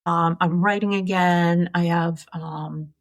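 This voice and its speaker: Lady in her 60s, guest on a business podcast, blunt and chatty, swears a bit, lowish voice. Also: slow pace. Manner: frank, animated, swears casually. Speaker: guest, entrepreneur. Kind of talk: candid interview storytelling.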